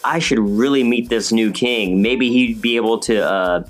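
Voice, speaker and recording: A man's voice: medium pitch, normal speed, close to an everyday voice. A man voicing a grandiose young hero who boasts with casual hesitations. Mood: boastful. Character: self-important young male hero, grandiose.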